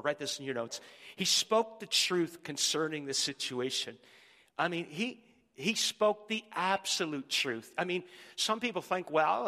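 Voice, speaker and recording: High-voiced pastor preaching in a hall. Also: male voice. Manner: animated preaching, jokes with the congregation. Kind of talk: sermon.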